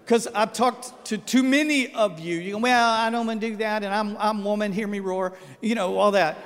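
A man preaches in a light, high voice. He jokes in a folksy way and drops to a hush to make a point. A long church-hall reverb trails his words. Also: fairly even intonation, normal speed. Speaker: pastor. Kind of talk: sermon. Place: church sanctuary.

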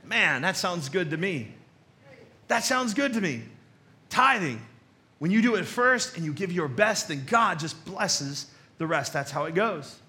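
High-voiced, bright conversational male pastor. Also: big pitch swings, measured pace. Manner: conversational, with joking asides and rhetorical questions; emphatic, repeats key phrases. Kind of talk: sermon.

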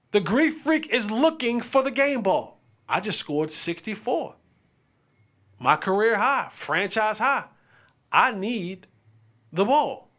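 Man, young adult, sports podcast host, casual, joking, lightly high voice. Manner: animated, joking, restarts often.

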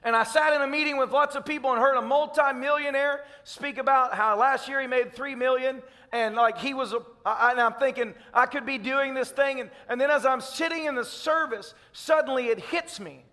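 A man's voice: very high voice, a little fast, hardly any pauses, pushed and bright, big-room sound. A man from Tennessee with a Southern accent, preaching a fervent, emphatic sermon as pastor. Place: church sanctuary.

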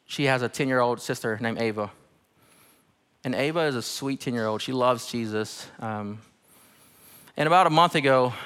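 A young adult man, a pastor, giving a conversational, animated sermon in a church. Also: medium pitch, clean tone, big-room sound. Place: church sanctuary.

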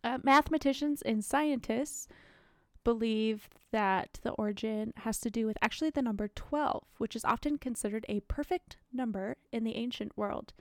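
A young woman, hiccuping, rambles through casual podcast chat as a co-host, leaning on lots of fillers. She speaks a little high at a moderate pace in a dry, studio-quality recording.

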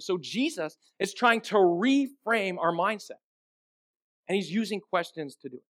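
With a notably high voice for a man, this pastor gives a laid-back, conversational sermon. Rhetorical questions come up often as he checks in with the people listening.

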